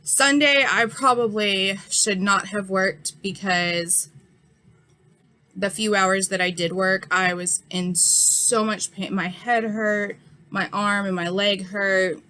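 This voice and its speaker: A woman's voice: mid-range voice, fairly even intonation, takes it slowly, sharp tone. A woman in her thirties with an injured, swollen eye, frankly retelling an incident in a casual vlog. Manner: frank, heated retelling with many fillers. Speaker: vlogger. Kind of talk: casual storytime monologue.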